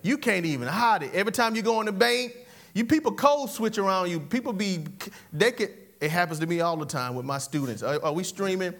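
A man with an unusually high voice delivers a sermon. He is animated and repetitive, and he laughs often as he leads call-and-response. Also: brisk. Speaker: preacher.

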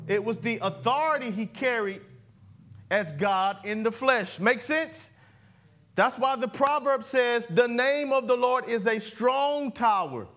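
Man, pastor, sermon, high voice, call-and-response, repeats key words. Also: a bit bright. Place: church sanctuary.

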